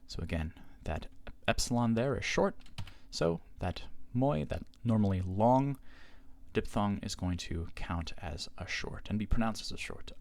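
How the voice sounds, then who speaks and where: A man teaching a language grammar lesson as a patient, explanatory voice-over on slides. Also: fairly low pitch. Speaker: Greek teacher.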